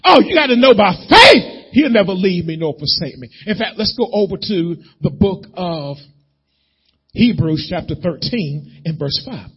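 Husky, animated preaching man. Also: sits high, a little slow, dull audio. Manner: preaching with rising shouts and dramatized prayers. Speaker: pastor. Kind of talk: sermon. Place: church.

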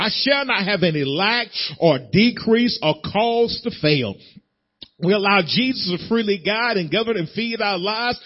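High-voiced, husky preacher man. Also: dull audio. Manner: rhythmic, repetitive call-and-response preaching. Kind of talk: sermon.

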